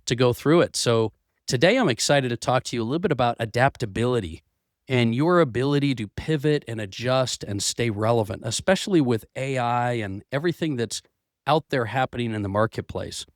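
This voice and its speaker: A man's voice: mid-range voice, animated, fairly quick, dry recording, studio quality. A man hosting a motivational business podcast, talking earnestly and restarting his phrases, his voice a bit worn from losing it. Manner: earnest, repeats words while restarting. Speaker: podcast host. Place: office.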